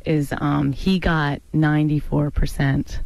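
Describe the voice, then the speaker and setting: A woman's voice: low voice, little pitch movement, a little slow, vocal fry, a little mellow, no room sound. A woman comedian chatting as a studio guest, laughing often and joking at her own expense. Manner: self-deprecating, laughing often. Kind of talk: casual chat.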